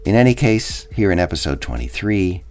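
A man hosting a radio show, reading measured, scripted narration. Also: low voice, sing-song, a little mellow, faint music behind.

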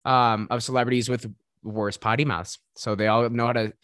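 A man's voice: medium pitch, steady tone, moderate pace, a bit bright, no echo, studio quality. A man with a Midwestern accent co-hosting a podcast, bantering playfully with frequent giggles. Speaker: podcast co-host. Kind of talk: casual chat.

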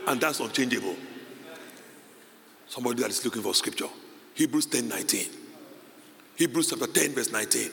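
Animated male pastor preaching in a reverberant hall. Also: normal speed, creaky, pauses often. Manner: animated preaching, swinging from low asides to high shouted peaks. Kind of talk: sermon. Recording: reverberant hall with faint ambience.

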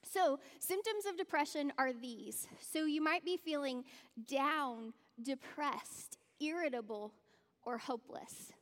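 Woman, sermon, casual and direct, high voice, long reverb of a church hall. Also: animated, slow pace. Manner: conversational, informal, addresses the audience directly. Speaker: church speaker.

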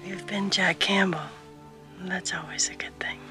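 An actress playing a tender adult woman in a film drama, speaking softly and half-whispered, heard in a clip with music. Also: on the low side, steady tone, a little slow, close to an everyday voice. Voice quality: soft, breathy, half-whispered. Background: film score.

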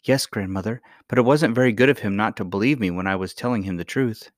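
A man's voice: lowish voice, fast talker, no room sound, clean studio sound, close to an everyday voice. A man reading a storybook, voicing a young princess, a little girl who talks in an eager, pleading way.

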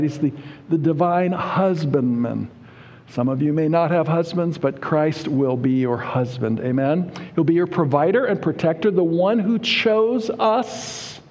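A man's voice: fairly high pitch, a little mellow. A male pastor preaching a sermon in a conversational way, often asking the congregation "Amen?". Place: church sanctuary. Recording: long reverb of a church hall.

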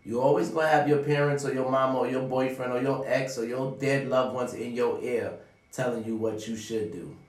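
A man delivering a profane, preachy motivational monologue straight to his viewers, often calling out "ladies and gentlemen.". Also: medium pitch, fairly even intonation, normal speed, far from the mic. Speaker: vlogger giving life advice. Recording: roomy sound, away from the mic.

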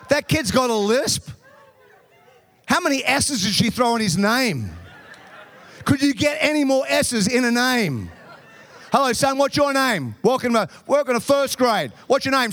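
A man preaching a sermon in a lively, joking way with quick asides. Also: very high voice. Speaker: pastor.

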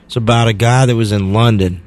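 A man's voice: fairly low pitch, steady tone, a little fast, a little mellow. A man in casual chat, easygoing, asking short questions. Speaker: interviewer.

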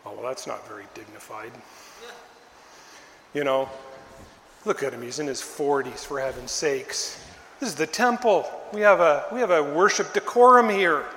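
Delivering a sermon at a moderate pace, an older pastor recounts the story conversationally and with energy, acting out the onlookers in small voices. His voice is on the high side, heard in an echoey room with a long reverb tail and a little hiss or hum.

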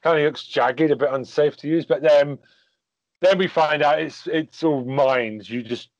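Male podcast co-host, casual and halting, dry dull recording. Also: a little high, no echo. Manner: hesitant, many ums. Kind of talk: casual chat.

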